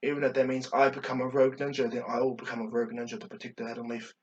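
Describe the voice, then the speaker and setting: A man voicing a solemn, dutiful young male ninja, speaking quietly and low-key. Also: fairly quick, recorded from a distance, dull audio, slight background noise, lightly acted.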